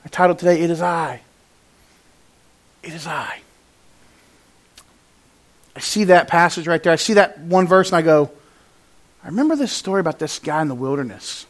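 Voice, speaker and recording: A man preaching a sermon to his congregation, moving between raised, emphatic passages and quiet, hushed ones, and acting out the lines he quotes. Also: a little high, fast talker. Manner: animated, swings from loud to hushed, acts out quotes. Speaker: pastor.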